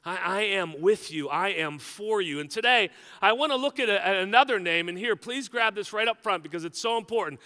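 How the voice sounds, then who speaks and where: A man's voice: high-pitched, expressive, a little fast, few pauses, bright, forceful tone, big-room sound. A male pastor preaching a sermon in a conversational, joking way, often checking in with the congregation. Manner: conversational and joking, with frequent "right?" asides.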